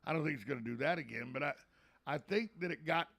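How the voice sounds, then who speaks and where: A man's voice: on the high side, quick pace, gravelly, a bit bright. A man hosting a local radio talk show, folksy, joking and opinionated.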